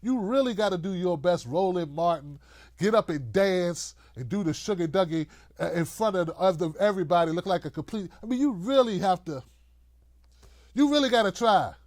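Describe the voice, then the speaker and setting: A middle-aged man with a fairly high voice rants to his viewers, mocking and animated, slipping into silly voices for the people he quotes. The sound is close and dry, with no room around it. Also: normal speed, dry recording. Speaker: political commentary host. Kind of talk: loose rant to camera.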